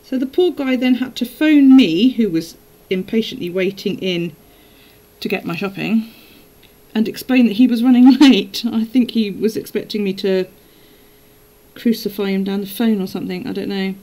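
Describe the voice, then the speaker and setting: A woman's voice: medium pitch, moderate pace, dark tone, low-quality recording. A woman chatting casually on a live stream while journaling, telling stories and laughing often.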